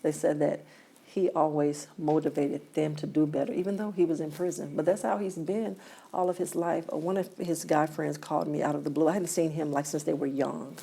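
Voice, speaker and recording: Low, gravelly woman. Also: fairly even intonation, a little fast. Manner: storytelling, often quotes others and laughs softly. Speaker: guest, mother of a man killed in prison. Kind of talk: emotional interview.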